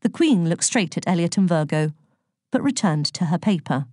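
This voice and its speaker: Woman reading a kids' storybook, lowish voice, very animated, super dry close sound. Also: moderate pace, husky, no echo. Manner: expressive reading that voices each character. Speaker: audiobook narrator.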